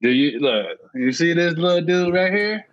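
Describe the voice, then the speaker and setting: A man, a birding educator and podcast guest, telling an excitable story and acting out his own past thoughts. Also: fairly high pitch, normal speed, no room sound, dull audio. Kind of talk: animated storytelling.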